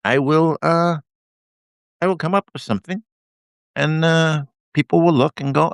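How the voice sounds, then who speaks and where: A retired man in his sixties from Canada, rambling through casual self-deprecating chat on his live stream with a handheld mic, blunt and quick to laugh. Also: fairly high pitch, fairly even intonation, creaky, clear, resonant tone, dry recording, clean studio sound. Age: 60s. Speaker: host of a live video stream. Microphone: handheld microphone.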